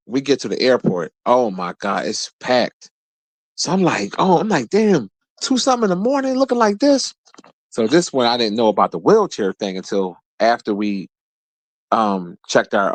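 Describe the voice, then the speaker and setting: Profane man in his forties telling a story. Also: no room sound. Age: 40s. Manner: profane, animated, jumps high when quoting people. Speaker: streamer host. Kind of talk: casual storytelling rant.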